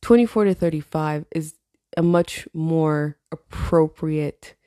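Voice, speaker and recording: A woman's voice: low-pitched, takes it slowly, mellow, dry recording, clean studio sound. A woman in her late twenties hosting her own podcast, chatting loosely with lots of swearing and laughter. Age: 20s. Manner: loose, profane, laughs often. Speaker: podcast host. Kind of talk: casual solo podcast chat.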